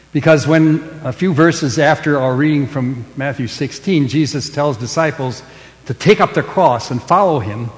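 Emphatic preacher man in a reverberant hall. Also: a little high. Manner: emphatic, swings between loud stresses and hushed endings. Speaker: pastor. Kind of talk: sermon.

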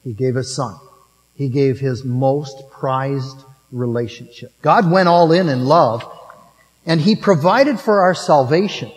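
A man preaching a sermon in a storytelling manner, moving between emphatic lines and hushed ones. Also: medium pitch, a little slow. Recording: long reverb of a large hall.

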